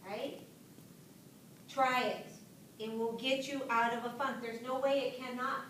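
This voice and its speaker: A woman's voice: on the high side, fairly even intonation, unhurried, fairly bright tone, a little hiss or hum. A woman teaching a yoga and health class, lecturing and often checking in with her students by asking "right?" and "make sense?". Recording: echoey classroom from far off.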